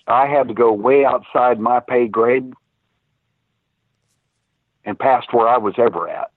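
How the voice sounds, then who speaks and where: A former cop turned private investigator, now an older man, calls in as a guest and tells stories casually, wandering off with fillers and restarts. His mid-range voice comes through a tinny, dry telephone line.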